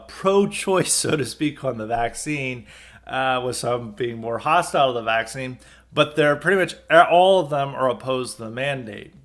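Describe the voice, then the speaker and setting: A man's voice: medium pitch, a bit bright. Casual male political podcast host. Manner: loose and conversational, frequent filler words and restarts, wry chuckles. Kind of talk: unscripted political commentary monologue.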